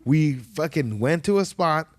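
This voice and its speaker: A man with a fairly high voice tells a story in a loose podcast chat. He swears a lot and jumps into the voices of the people in it. The sound is dry and close. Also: a little slow, no echo. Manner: profane storytelling, animated quoted voices. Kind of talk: casual chat.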